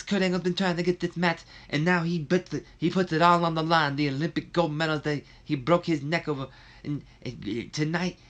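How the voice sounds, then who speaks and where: A man doing an impression of an older wrestling announcer, with a drawling, excitable delivery. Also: fairly high pitch, pitched above the performer's own voice, lightly acted.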